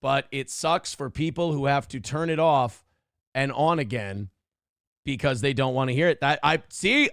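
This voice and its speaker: A man's voice: medium pitch, expressive, unhurried, a bit bright, dry recording. A man streaming live, reading paid chat messages aloud and answering them in a sarcastic, defensive rant. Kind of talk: casual live-stream commentary.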